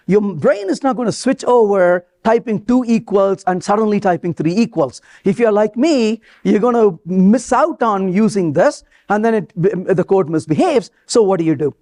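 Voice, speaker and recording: A man giving a live technical talk at a conference, lively and joking, asking the audience questions. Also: high-pitched. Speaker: conference speaker. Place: conference hall before an audience.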